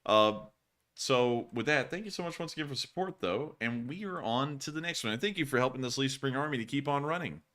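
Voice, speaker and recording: A man's voice: mid-range voice, expressive, fairly quick, a bit bright. A man hosting a casual livestream Q&A, chatty, laughing easily and repeating stock thank-you phrases. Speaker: livestream host.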